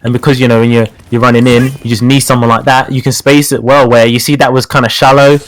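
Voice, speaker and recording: A man's voice: mid-range voice, little pitch movement, fast talker. British man rambling through a fighting-game tutorial. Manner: rambling, repeats words and fillers, swears casually. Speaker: guest character specialist. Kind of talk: casual gaming tutorial chat.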